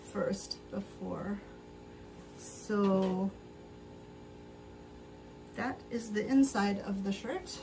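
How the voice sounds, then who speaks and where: A woman's voice: mid-range voice, recorded from a distance, background noise. A woman hosting a casual livestream as she sews, chatting with viewers, answering their comments and drifting off topic as she rambles. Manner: rambling, loses her thread. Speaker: livestream host. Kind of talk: casual livestream chat while sewing.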